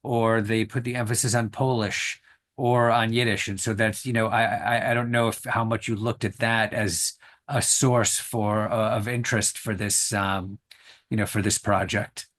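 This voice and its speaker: A man with a fairly low voice moderates an online lecture's question session. He talks haltingly, piling up fillers and restarting his sentences, heard through a video call connection. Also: level tone, a bit bright. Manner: hesitant, many fillers and restarts.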